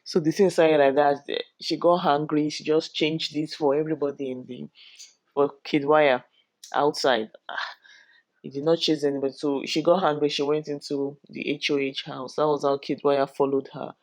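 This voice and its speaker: A woman's voice: sits low, flat delivery, normal speed, darkish tone, no echo, clean studio sound. A woman, retelling reality show drama in a chatty, dramatic gossip style. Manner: chatty, dramatic retelling with frequent "you know". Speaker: reality show recap vlogger. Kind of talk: casual gossip recap.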